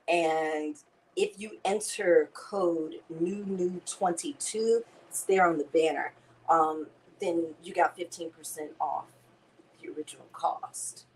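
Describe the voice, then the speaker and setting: A woman's voice: sits low, fairly even intonation, measured pace, a little hiss or hum, poor audio. A woman, chatting to viewers as she hosts a casual cooking demonstration. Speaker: cooking show host.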